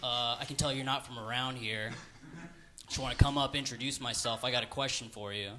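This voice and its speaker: A man's voice: medium pitch, steady tone, a little fast, pushed and bright, natural voice. A stand-up comedian voicing a suspicious drunk man at a bar, blunt and casual, close to his own voice. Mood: friendly. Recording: live room with audible noise.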